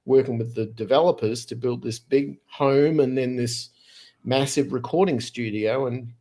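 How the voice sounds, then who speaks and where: This is a man in his fifties, originally from Australia, speaking as a guest on a podcast. He tells his story casually and with a lot of energy, jumping back to restart sentences as he goes. His voice sits at an ordinary middle pitch for a man. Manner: animated, quick storyteller who restarts phrases.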